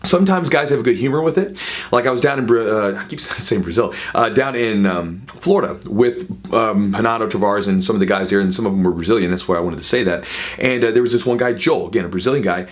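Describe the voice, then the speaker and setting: A man in his thirties, a jiu-jitsu coach, talking casually to camera with quick asides and frequent "right?". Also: fairly low pitch. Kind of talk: casual advice talk to camera.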